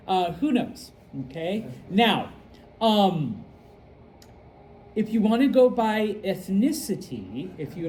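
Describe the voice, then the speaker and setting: Casting: middle-aged American man, chatty classroom teacher, slightly high, mellow tone. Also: a little hiss or hum, low-quality recording. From United States. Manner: chatty, rambling, full of fillers and check-ins. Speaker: Spanish teacher. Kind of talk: casual classroom lesson.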